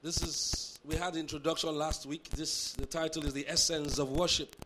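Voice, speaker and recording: A man with a Nigerian accent, preaching a sermon and reading scripture in a measured, emphatic way. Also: fairly high pitch, little pitch movement, noisy background. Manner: measured, with emphatic drawn-out phrases. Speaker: pastor.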